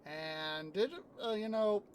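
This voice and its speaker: A high-voiced man talks slowly as he plays a city-building game on stream, chatting in a loose, rambling way. Filler words and restarts abound as he reenacts film scenes with sound effects, and a faint hiss or hum sits underneath.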